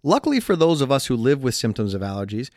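A man's voice: mid-range voice, very animated, fast talker, darkish tone, dry recording. Congested man reading an ad, dry sound. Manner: nasal, congested. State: stuffed-up nose. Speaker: podcast co-host reading an ad. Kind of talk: read ad copy.

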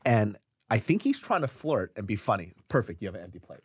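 Podcast guy ranting a story, swearing a lot, pitch all over the place, dry close mic. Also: fairly quick, husky, dry recording. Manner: animated, profane, jumps to shouting when riled. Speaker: podcast co-host. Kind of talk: casual storytelling chat. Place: podcast studio.

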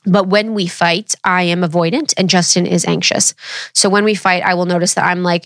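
A woman's voice: lowish voice, fairly even intonation, fairly quick, a bit bright, dry recording. Chatty, candid woman with a dry sound. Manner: candid, chatty, swears freely, lots of "like". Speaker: vlogger. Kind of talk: casual chat to viewers.

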